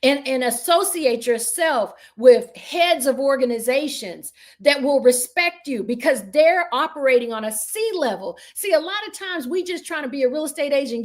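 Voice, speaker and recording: A woman real estate trainer giving an online motivational training session, fervent and preacher-like, talking to her audience as y'all. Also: high voice.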